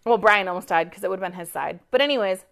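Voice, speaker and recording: A woman co-hosting a podcast tells a story in casual chat, venting in exasperation, swearing freely and animatedly acting out quoted lines. She talks fast in a mid-range, gravelly voice.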